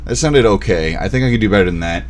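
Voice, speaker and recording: A young man streaming live, chatting casually in a rambling, scattered way with sudden yelling bursts. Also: lowish voice, expressive, fast talker, a little hiss or hum.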